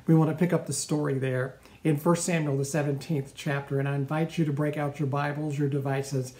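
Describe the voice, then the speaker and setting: A man's voice: a little high, flat delivery, a little fast, darkish tone, reverberant. A male pastor giving a sermon and retelling a story in a casual, conversational way.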